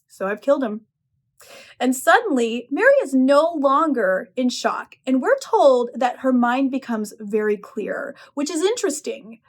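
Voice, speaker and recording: A woman with a high, bright-pitched voice talks through a short story as an English professor. She retells the plot and gives her own strong opinions along the way, expressive and direct. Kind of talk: literary analysis lecture.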